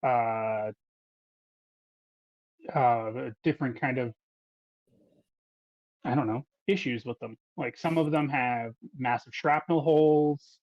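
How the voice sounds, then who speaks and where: A man's voice: medium pitch, takes it slowly, long pauses, no echo, lo-fi sound. A man narrating a tabletop game as game master, hesitant and full of fillers.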